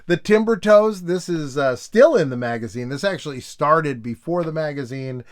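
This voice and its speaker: A man's voice: on the high side, lively intonation, normal speed. A man hosting a nostalgia video in a casual, joking tone, reading old magazine pages aloud and slipping into silly voices. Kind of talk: casual comedic commentary.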